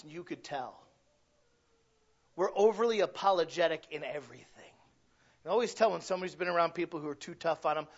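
Male pastor, high voice, conversational sermon delivery, muffled lo-fi recording. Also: a bit bright. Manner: conversational preaching, asks the congregation questions, acts out little quoted voices.

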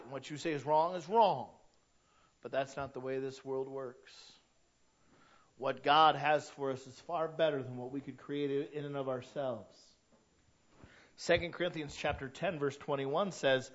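Conversational preacher with a higher voice. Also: male voice, muffled recording. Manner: conversational preaching that surges to emphatic peaks. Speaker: pastor. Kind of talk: sermon.

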